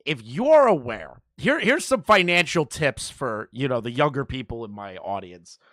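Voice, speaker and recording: A man hosting a reaction commentary, sarcastic, jumping between loud outbursts and muttered asides. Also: mid-range voice, very animated, normal speed, dry recording, studio quality. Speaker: commentary channel host.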